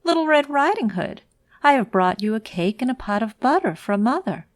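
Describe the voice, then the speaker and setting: A woman's voice: on the high side, very animated, moderate pace, no echo, pitched above the performer's own voice. A woman voicing a trusting, innocent little girl in a storybook read-aloud, in an earnest way. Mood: cheerful.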